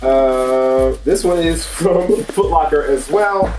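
A man with a mellow, warm voice talks through a casual unboxing in an upbeat, slangy way, saying his praise twice over. The sound is roomy, with echo from the space around him. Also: a little high, slow pace, soft background music. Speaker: vlog host.

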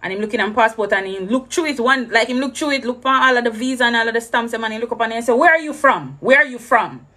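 A woman's voice: on the high side, fairly even intonation, rapid-fire, hardly any pauses, a bit bright. A young woman with a Jamaican accent telling a travel story, switching between English and patois and acting out every exchange. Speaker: travel vlogger. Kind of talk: animated storytelling.

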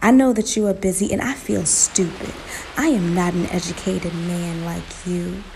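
A woman's voice: fairly low pitch, steady tone, normal speed, vocal fry, mellow. A woman voicing a crafty little male spider who talks in a sugary, wheedling way, in a noisy recording. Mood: sugary pleading.

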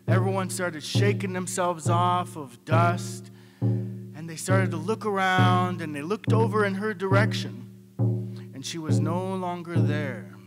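A man telling a traditional story to a live audience, unhurried and animated, slipping into voices for the people in the tale. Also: high voice, over loud music. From Pacific Northwest, United States. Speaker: storyteller at a library event. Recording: long hall reverb.

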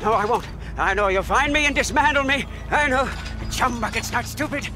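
A man's voice: very high-pitched, moderate pace, over music. An actor playing a zealous, hunched male mechanic in a video game, talking in a fervent, rambling, reverent way. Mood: eager. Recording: game audio with loud ambient noise.

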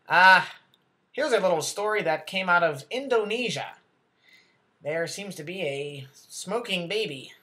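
A man's voice: on the high side, pushed and bright. Man playing a bumbling self-important news anchor. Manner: rambling, flustered, corrects himself, talks back off-camera. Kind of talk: comedy sketch acting.

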